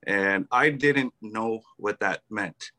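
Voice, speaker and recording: Guy with a crisp bright voice, kinda low, rambles thru his army stories w lots of ums. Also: takes it slowly. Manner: rambling, many fillers and restarts, laughs often. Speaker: podcast guest, army veteran. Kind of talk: casual storytelling interview.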